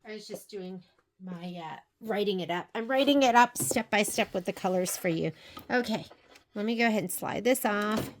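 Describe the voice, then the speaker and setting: A woman's voice: medium pitch, normal speed. A woman chatting viewers through a sewing project step by step, talking to them directly while she works. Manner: chatty, talks straight to viewers while working. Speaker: sewing and embroidery instructor. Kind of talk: casual step-by-step craft tutorial. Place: sewing room at a sewing shop. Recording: faint machine noise behind.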